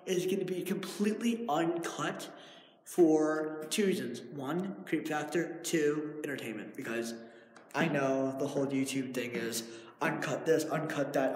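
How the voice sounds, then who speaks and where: A man's voice: on the high side, a little mellow, slight background noise. A young man vlogging while walking through an empty house, rambling with many fillers and restarts. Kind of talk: casual vlog. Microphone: handheld device.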